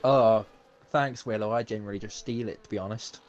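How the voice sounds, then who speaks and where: A man doing live commentary on an online racing league, chatty and a bit halting, with frequent ums and laughs. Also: on the low side, steady tone, highs cut off, slight background noise. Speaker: race commentator.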